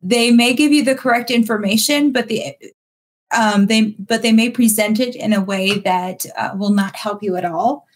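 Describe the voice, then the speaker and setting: A woman's voice: a little high, normal speed. A woman co-hosting a podcast, explaining her view at length in casual chat with many ums and uhs.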